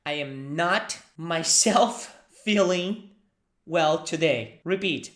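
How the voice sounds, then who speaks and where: A Brazilian man, a native Portuguese speaker, speaks English with a Brazilian accent and teaches greetings at an unhurried pace. He is patient and sets out short phrases for the listener to repeat. His voice carries a roomy echo, as if recorded in a bare room. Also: fairly high pitch, a bit bright. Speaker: language teacher. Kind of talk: language lesson.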